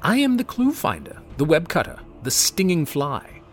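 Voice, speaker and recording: A man reading aloud, voicing a small, clever male hobbit who flatters and speaks in riddles. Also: on the high side, normal speed, soft background music, voice pushed up. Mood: flattering.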